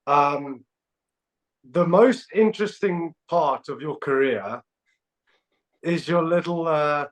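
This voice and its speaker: A male podcast host who used to play rugby, speaking in a fairly high voice. He tells stories in an animated way and laughs often, and the talk stays casual. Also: takes it slowly, low-quality recording. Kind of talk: casual chat.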